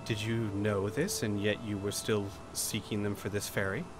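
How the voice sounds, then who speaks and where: A man voicing a soft-spoken old woman wizard. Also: lowish voice, level tone, normal speed, background noise, voice pushed down, lightly acted. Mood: troubled. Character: proud, gentle older woman wizard.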